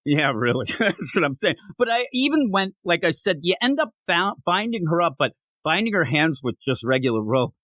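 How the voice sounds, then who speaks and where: A man's voice: a little high, moderate pace, hardly any pauses, dry recording, low-quality recording. A man co-hosting a comic book podcast, chatting casually and joking with lots of laughter. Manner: animated, jokey, laughs often. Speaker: podcast co-host. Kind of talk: casual comic review chat.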